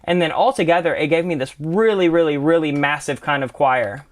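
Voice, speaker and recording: Fast-talking young man teaching music production. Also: fairly high pitch, a little hiss or hum. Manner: relaxed, chatty, full of fillers like "kind of" and "really, really". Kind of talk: casual screen-share tutorial.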